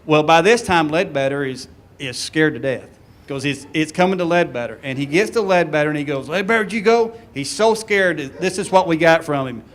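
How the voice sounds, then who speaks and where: A man telling an animated story about his old team and laughing along with it. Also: a little high, fairly quick, few pauses. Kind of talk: storytelling at a reunion panel.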